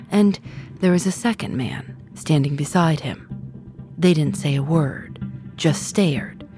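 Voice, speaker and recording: A woman host giving calm, measured scripted narration. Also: lowish voice. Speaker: podcast host.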